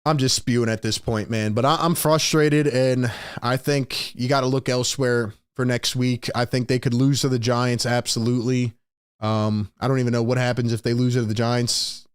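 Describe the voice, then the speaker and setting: Speaking at normal speed in a steady, medium-pitched voice, a man hosts a live postgame fan show for a sports podcast. He vents his frustration and reads out comments from chat, and the audio is clean studio sound with no echo.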